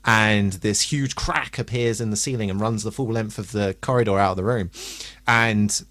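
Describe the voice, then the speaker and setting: A man's voice: lowish voice, moderate pace, fairly bright tone, no room sound. A man recapping a TV episode for a review podcast in a rambling, casual way, with lots of fillers and restarts.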